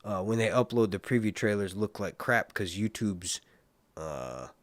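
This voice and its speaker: A man's voice: fairly low pitch, unhurried, dry recording. Rambling man livestreaming, dry mic. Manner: rambling, animated, mutters asides to himself. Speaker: livestream host reviewing a TV series. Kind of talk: casual livestream chat.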